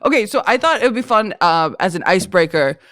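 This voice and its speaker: A woman hosting a podcast in casual chat, playful and quick to laugh. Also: on the low side, animated, fairly bright tone, dry recording, clean studio sound. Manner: playful, giggly. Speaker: podcast host.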